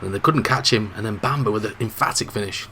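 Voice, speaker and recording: A man with a dry, slightly coughy throat giving play-by-play commentary on a football video game. His call is mostly low-key and jumps into excited shouts at goal chances. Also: quick pace, slight background noise. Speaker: gaming channel host.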